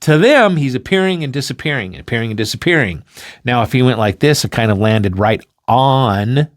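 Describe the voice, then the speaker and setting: A man hosts a talk and explains an idea through an animated story. His voice sits at a middle pitch but swings widely, leaping high when he gets excited. He acts out the characters in quick bursts. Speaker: podcast host.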